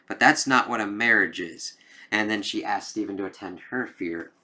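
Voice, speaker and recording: Speaking at a moderate pace in a lowish, sharp-toned voice, this man reviews comic books casually. His talk wanders, full of fillers, with a curse thrown in now and then.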